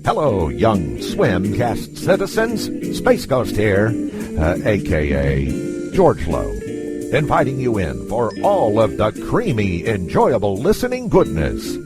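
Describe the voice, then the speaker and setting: A man putting on the voice of a deep-voiced cartoon superhero host, with a grand, booming announcer delivery. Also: wildly swooping pitch, slow, exaggerated voice. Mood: grandiose. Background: music.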